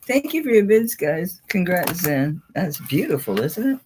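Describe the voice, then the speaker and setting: Woman, live-stream jewelry auctioneer; relaxed, chatty, very animated pitch. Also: moderate pace, few pauses, a little hiss or hum, low-quality recording. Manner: chatty, coos at her dog between bids.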